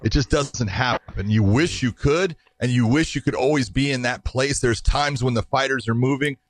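A man's voice: mid-range voice, moderate pace, no room sound. A man working as a fight referee, chatting casually and telling stories, acting out what people said. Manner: storytelling, acts out quoted exchanges, profane. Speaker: MMA referee talking shop. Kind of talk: casual podcast chat.

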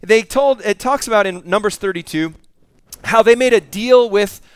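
A man's voice: sits high, normal speed, clear, resonant tone, dry recording. A man preaching a conversational sermon, reading scripture aloud and adding casual asides. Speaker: pastor.

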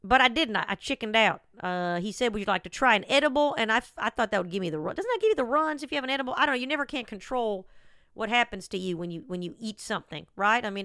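A woman's voice: mid-range voice, fairly bright tone, clear, resonant tone, no echo, clean studio sound. A woman hosting a podcast, rambling through a comic monologue with wry, self-mocking asides. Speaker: podcast host, comedian.

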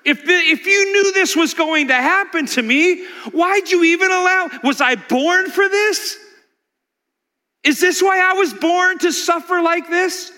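A man's voice: extremely high pitch, unhurried, sharp tone, voice pushed up, full character voice. A man voicing an anguished suffering man who cries out pleading questions, in a reverberant hall. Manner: pleading, crying out.

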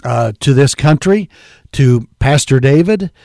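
A man preaches an earnest sermon, reading scripture aloud in King James wording and calling his listeners "folks" and "believer." His mid-range voice is unhurried, with lively intonation, vocal fry and a darkish tone. The studio-quality recording has no echo.

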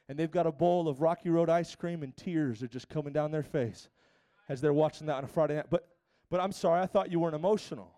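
A male pastor preaching a sermon, rising from quieter asides to shouted exhortations. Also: a little high.

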